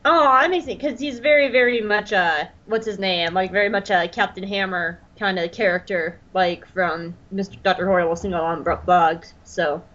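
A woman's voice: mid-range voice, normal speed, hardly any pauses, a bit bright, dull audio. A woman co-hosting a podcast from her bedroom, chatting casually with lots of fillers and laughs. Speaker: podcast co-host.

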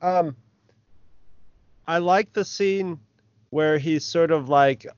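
Halting man on a dry mic. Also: fairly high pitch, a little mellow, clear, resonant tone, no echo, lo-fi sound. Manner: halting, searching for words, many restarts. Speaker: podcast co-host. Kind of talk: casual discussion.

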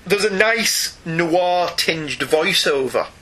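An English man co-hosting a casual comics podcast, chatty and animated with jokey asides. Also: a little high, takes it slowly, slight background noise. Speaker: podcast co-host.

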